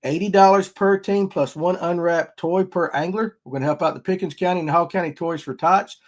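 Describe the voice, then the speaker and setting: A man's voice: high-pitched, steady tone, fairly quick. Folksy man hosting a podcast. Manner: folksy, rambling, upbeat. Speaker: podcast host. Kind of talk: casual fishing podcast chat.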